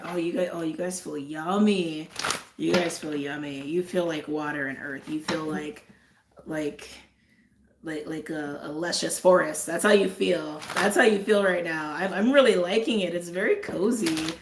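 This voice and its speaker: A woman giving an intuitive tarot and astrology reading in a casual, effusive way, repeating phrases and trailing off into soft asides. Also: fairly low pitch, a little slow, echoey room, heavy background noise.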